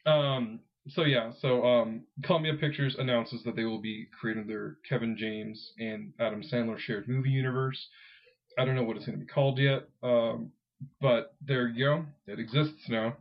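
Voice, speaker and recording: A man co-hosting a podcast, talking at a middling pitch. He rambles and keeps cutting himself off, laughing as he goes. The sound is a bit dull and lo-fi. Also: fairly even intonation, moderate pace. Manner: rambling, self-interrupting, laughs often. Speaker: podcast co-host. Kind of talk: casual podcast chat.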